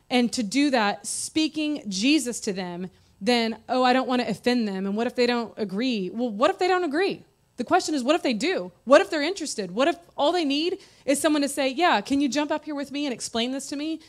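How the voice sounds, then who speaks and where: A woman in her thirties giving an earnest, conversational personal testimony in church. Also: mid-range voice. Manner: earnest, conversational, heartfelt storytelling.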